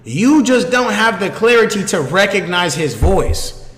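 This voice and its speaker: A streamer hosting his own channel tells a story casually and animatedly, swearing freely and often checking that the listener is following. His voice is high, expressive, unhurried, and a bit bright, in an echoey room with long reverb.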